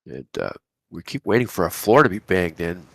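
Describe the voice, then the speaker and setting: A man, hoarse and raspy from a cold, co-hosting a live futures trading stream in a chatty, rambling way with many restarts. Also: low-pitched, sing-song, brisk, fairly bright tone, no echo. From Canada. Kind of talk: casual live market commentary.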